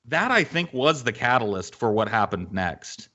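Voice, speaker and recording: A man spinning a casual anecdote on a podcast, animated and cursing freely, with a mid-range voice. The recording is a little dull and lo-fi. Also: mid-range voice, moderate pace. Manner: animated, profane, lots of fillers. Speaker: podcast host. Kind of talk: casual storytelling.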